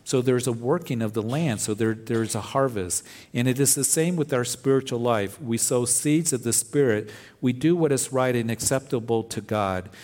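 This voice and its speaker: Earnest man preaching a sermon. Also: medium pitch. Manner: earnest, plain-spoken preaching with scripture readings. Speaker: pastor.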